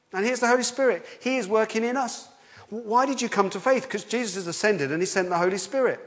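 A man preaching a sermon in a lively, conversational way, often restarting his sentences. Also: high voice, fast. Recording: long hall reverb.

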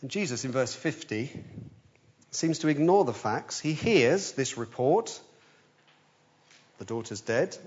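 A man preaching a sermon, telling the story with animation, swinging between urgent and hushed. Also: mid-range voice, animated, measured pace, long pauses, lo-fi sound.

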